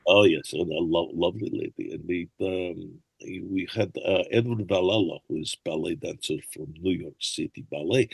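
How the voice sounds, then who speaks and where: An older man, an actor and fight choreographer, telling rambling, animated anecdotes as a guest over a video call. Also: low voice, moderate pace, gravelly, few pauses, slightly rough, dry recording. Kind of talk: casual interview storytelling.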